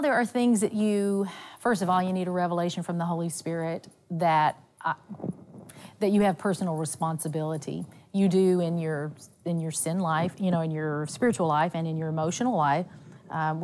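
Southern woman guest, lower voice, lively storyteller on a faith talk show. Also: slight background noise. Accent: Southern American. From Nashville, USA. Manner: animated storytelling with quoted voices. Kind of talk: casual chat about faith and health.

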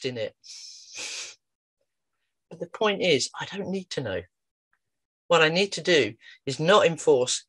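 A wellbeing practitioner gives an informal promotional talk about his work with children and adults, a chatty storyteller full of anecdotes who likes to act out quotes. His voice is a little high and fairly bright, and there's no echo.

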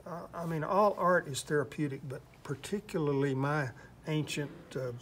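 A man's voice: a little high, normal speed, fairly bright tone, slight background noise. An older man from Texas with a Texan accent, chatting casually about his painting in an interview, rambling and self-deprecating. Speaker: interviewed artist.

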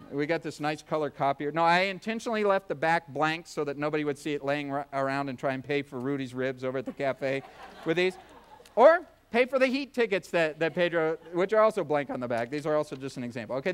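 A man's voice: fairly high pitch, smooth. A man preaching a sermon as pastor, folksy and joking, acting out voices to make his points. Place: church.

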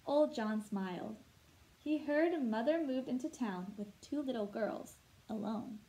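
Reading a picture book aloud to children, a woman teacher gives each line storyteller expression and pauses now and then to ask her listeners questions. Her slightly high voice is warm, with lively intonation and a measured pace, though the audio is poor.

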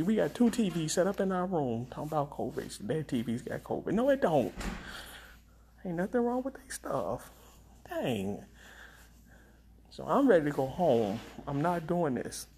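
Gravelly man in a dramatic comic rant. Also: a little hiss or hum. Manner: exaggerated, dramatic complaining with big pitch swings; repeats a flat "nope". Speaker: comedic vlogger. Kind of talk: comedic rant on a live stream.

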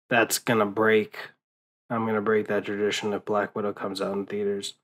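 A tired man talking late at night in a casual rambling monologue, swearing often and pausing with fillers as he mourns. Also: fairly low pitch, a bit bright, poor audio. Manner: profane, grieving, rambling with many fillers. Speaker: movie vlogger.

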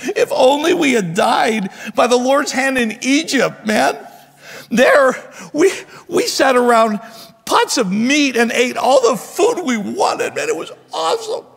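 A man voicing a crowd of complaining ancient Israelites with a high, wailing whine. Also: sing-song, a little slow, gravelly, slightly rough, heavily acted. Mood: whining. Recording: long church hall reverb.

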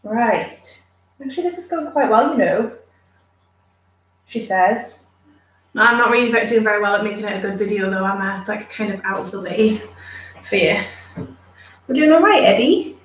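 A woman's voice: mid-range voice, moderate pace, pauses often, a bit bright. A woman streaming casually while grooming her dog, chatting with viewers and cooing baby talk to the dog. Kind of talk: casual live chat with viewers. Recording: roomy, distant from the mic.

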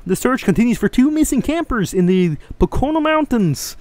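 A nasal, high-pitched frog puppet voice reads a newspaper clipping aloud, put on by a man. It lilts up and down in a bright, playful cartoon way. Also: sing-song, normal speed, dry recording. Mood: reading aloud. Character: Kermit-style frog puppet voice, reading a newspaper.

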